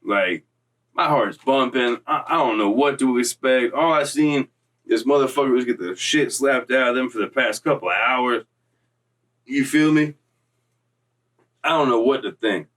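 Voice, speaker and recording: A man's voice: mid-range voice, a little slow, pauses often, recorded from a distance. Streetwise man telling a story, slightly off-mic. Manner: streetwise slang, animated retelling with quoted voices. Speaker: storyteller recounting prison time. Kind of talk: casual storytelling.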